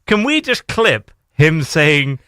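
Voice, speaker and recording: A man's voice: on the high side, big pitch swings, slow, sharp tone, smooth, no echo, clean studio sound. A man co-hosting a radio show, bantering playfully and teasing about pronunciation. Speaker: radio co-host. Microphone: studio microphone.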